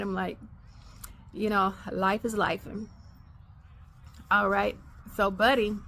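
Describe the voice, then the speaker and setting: A woman hosting a podcast, telling a personal faith story in an animated way, acting out the dialogue. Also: mid-range voice, takes it slowly, long pauses, slight background noise. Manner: animated, acts out quoted dialogue. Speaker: podcast host.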